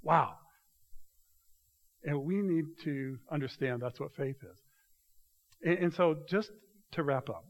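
A man preaching a sermon in a church, swinging between loud, raised passages and hushed, quiet asides. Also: medium pitch. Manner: dramatic shifts between loud acted quotes and hushed asides. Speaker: pastor.

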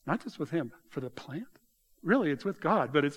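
Middle-aged man preaching, somewhat high voice, animated and mocking in asides. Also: moderate pace, slightly rough. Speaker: pastor. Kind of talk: sermon.

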